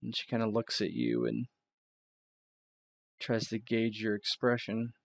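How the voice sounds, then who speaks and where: A man narrating a tabletop game as game master, with many pauses and fillers. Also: lowish voice, level tone, vocal fry. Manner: hesitant, filler-heavy, descriptive.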